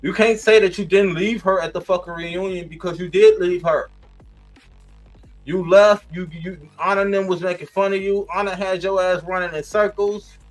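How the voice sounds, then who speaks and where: A man with a high voice reviews a reality show at normal speed, over soft background music on a rough recording. His casual commentary rant is profane, sassy and animated, full of cursing and frequent laughter.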